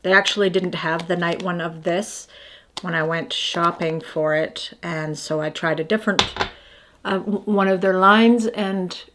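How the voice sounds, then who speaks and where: A woman's voice: fairly low pitch, steady tone, measured pace, a bit bright, slight background noise. A woman in her fifties chatting casually through her morning skincare routine, rambling and self-deprecating as she shows each product. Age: 50s. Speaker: beauty vlogger.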